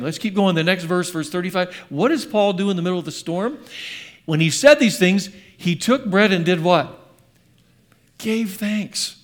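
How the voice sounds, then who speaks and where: An older male pastor preaches in church, slipping between fond family memories and questions to the congregation. His voice sits a little high for a man. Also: moderate pace. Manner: storytelling, quizzes the congregation. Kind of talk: sermon with personal stories.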